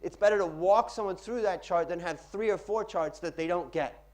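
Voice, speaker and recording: A man speaks at normal speed during a live workshop on pitching in a seminar room, addressing an audience. He varies loudness and pace for effect.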